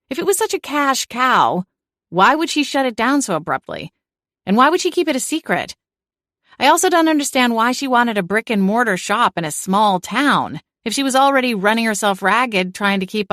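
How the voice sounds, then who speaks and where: Woman narrator, cozy audiobook, expressive, mid pitch, dry close sound. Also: no room sound. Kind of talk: first-person audiobook narration.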